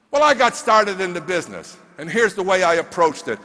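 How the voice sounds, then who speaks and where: Emphatic male motivational speaker, bright high voice, big-hall reverb. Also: big pitch swings, brisk, hardly any pauses. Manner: emphatic, rhetorical questions to the crowd. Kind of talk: motivational stage talk. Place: stage in a large hall. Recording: long reverb of a large hall.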